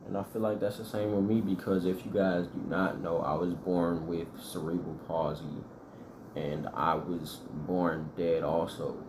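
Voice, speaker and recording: Man doing reaction host, very deep, echoey room with noise behind, earnest. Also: steady tone, unhurried. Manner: earnest, motivational. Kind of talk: casual reaction commentary.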